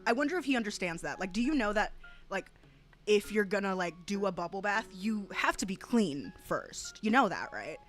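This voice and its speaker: A woman's voice: mid-range voice, normal speed, faint music behind. A woman streamer ranting in casual reaction commentary, swearing freely and often breaking into laughter. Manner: profane, animated ranting with frequent laughter. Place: home, rural area.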